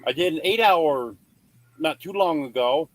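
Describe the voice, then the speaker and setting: A man's voice: on the high side, animated, unhurried. A man hosting a late-night livestream, talking in an easygoing, plain way. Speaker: livestream host. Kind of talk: casual late-night chat.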